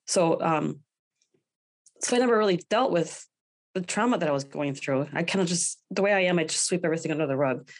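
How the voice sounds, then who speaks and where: Candid woman, fairly low voice. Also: fairly quick. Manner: candid, quotes her own past thoughts. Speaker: podcast guest. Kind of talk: personal interview.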